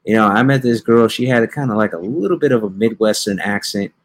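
A man's voice: lowish voice, fast. A man hosting a podcast in casual chat, telling meandering, jokey stories. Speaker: podcast host.

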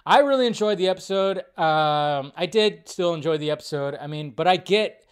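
Male podcast host, slightly high-pitched, casual, excitable, swears freely, lots of ums and restarts. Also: normal speed, smooth. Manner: excitable and profane, many fillers and restarts. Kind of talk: casual live-stream chat.

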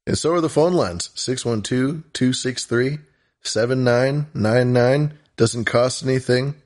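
A man's voice: mid-range voice, unhurried, a little mellow. A man co-hosting a call-in podcast, rambling goofily in casual chat. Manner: goofy, rambling. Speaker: podcast co-host.

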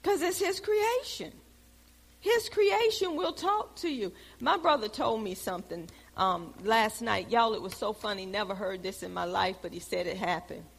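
A woman teaching a Bible lesson in a preaching style, telling stories with lively, loud exclamations. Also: mid-range voice, moderate pace, gravelly. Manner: animated storytelling, rises to loud exclamations. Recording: long hall reverb.

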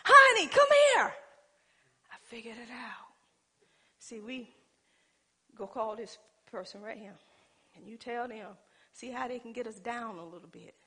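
Woman pastor preaching, high voice, talks right to the congregation, acts out little scenes. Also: measured pace, long pauses, husky. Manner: colloquial preaching, calling out to the congregation. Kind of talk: sermon.

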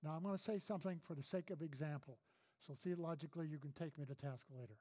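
A male pastor preaching a sermon in a noticeably high voice. He drives points home by repeating phrases and weaves in personal stories. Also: fast talker, dark tone. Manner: emphatic preaching with repeated phrases and storytelling asides.

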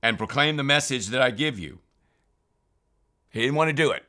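A man's voice: medium pitch, animated, normal speed, sharp tone. A man reading scripture aloud and explaining it in a devotional Bible teaching, reading verses and then reflecting on them. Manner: reads verses then explains them, often saying "remember".

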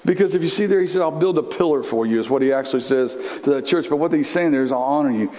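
Guy preaching a sermon, kinda high voice, big hall echo, fired up and stumbly on starts. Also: fast. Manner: animated, repeats words when starting phrases. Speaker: pastor.

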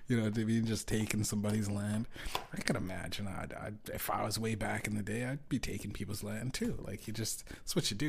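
A man hosting a podcast, rambling through a casual comedic monologue, swearing freely, laughing often and swinging from low mutters to loud outbursts. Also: vocal fry, a little hiss or hum. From Canada. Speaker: podcast host.

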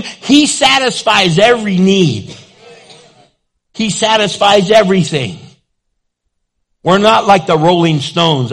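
An older man preaching a sermon as pastor, telling stories and acting out the people in them. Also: sits high. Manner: animated, acts out the people in his stories. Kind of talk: storytelling sermon.

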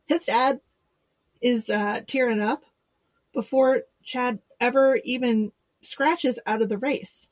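A woman's voice: a little high, fairly even intonation, slow, dry recording. A woman co-hosting a podcast, chatting casually and sarcastically, laughing and quoting people in mock voices. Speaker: podcast co-host. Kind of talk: casual chat.

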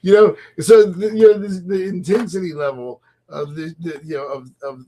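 Male host, slightly high voice, animated, laughs a lot, casual faith chat. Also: normal speed, slight background noise. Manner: animated, laughing often, acts out voices in quotes.

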